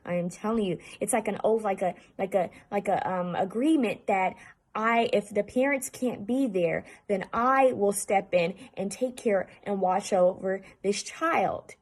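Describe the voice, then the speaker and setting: A woman giving a channeled spirit reading, talking earnestly and haltingly to her viewers and repeating herself as she relays messages. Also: medium pitch. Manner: halting, repetitive, earnest, addresses viewers directly. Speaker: spiritual medium.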